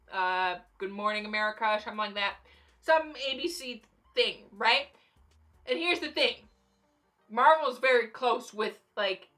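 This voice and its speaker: A woman's voice: fairly high pitch, bright, forceful tone. A young woman vlogging casual movie commentary, chatty and playfully sarcastic. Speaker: YouTube vlogger.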